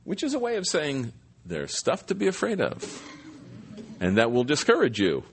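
A man preaching a sermon, telling a Bible story with animated asides, restarts and humor. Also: medium pitch, normal speed, slight background noise. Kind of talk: expository sermon.

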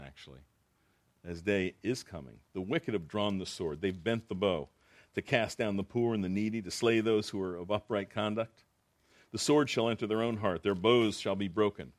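A man preaching as a pastor, reading Bible verses and explaining them in a conversational way, often repeating phrases and restarting sentences. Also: fairly low pitch.

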